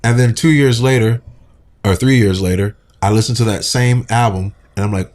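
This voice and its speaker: A man's voice: on the low side, normal speed, darkish tone. A man co-hosting a podcast in a laid-back, casual chat, laughing often. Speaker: English teacher and podcast co-host.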